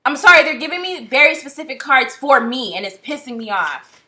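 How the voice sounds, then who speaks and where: A woman's voice: high-pitched, a little fast. A woman reading tarot cards in a casual, blunt, talkative vlog style, often exasperated and swearing now and then. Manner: chatty, blunt, animated, swears. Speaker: tarot reader.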